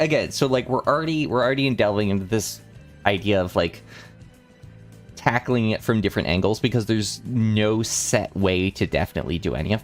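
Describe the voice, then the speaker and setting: A young man on a casual study livestream, working through math problems out loud, rambling and correcting himself as he talks to chat. His voice is still a little rough from the morning. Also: on the low side. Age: young adult. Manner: rambling, self-correcting, chatty with chat readers. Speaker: vtuber math streamer.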